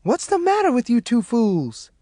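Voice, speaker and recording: A man doing a high, exasperated young mother, snappish, very dry close sound. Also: wildly swooping pitch, moderate pace, dark tone, no room sound, full character voice. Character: fed-up young Southern mother, sharp-tongued.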